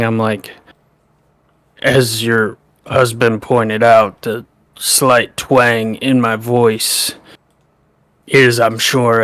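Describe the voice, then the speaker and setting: A courteous half-orc man with a slight twang, played by a man. He speaks slowly and evenly, with little rise and fall, in a dry, close sound. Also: medium pitch, fairly bright tone, smooth, no room sound, natural voice. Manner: polite, formal.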